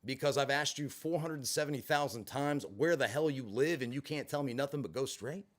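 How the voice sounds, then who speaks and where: A man's voice: medium pitch, fairly quick. A man telling a personal story in a vlog, swearing freely and adding sarcastic asides. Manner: expressive, profane, sarcastic asides. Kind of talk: animated storytelling monologue.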